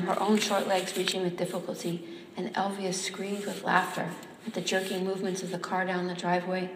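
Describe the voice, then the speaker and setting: Woman reading a story aloud in a hall. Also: lowish voice. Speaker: author or reader at a reading. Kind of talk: reading fiction aloud to a live audience. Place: hall with audience. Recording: echoey hall with faint background noise.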